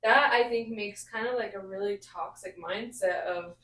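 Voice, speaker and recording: A woman's voice: medium pitch, moderate pace, fairly bright tone. A woman, a podcast host and mother, talking earnestly in casual chat and working through her thoughts with lots of "like". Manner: earnest, talks through ideas with many fillers. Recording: roomy echo.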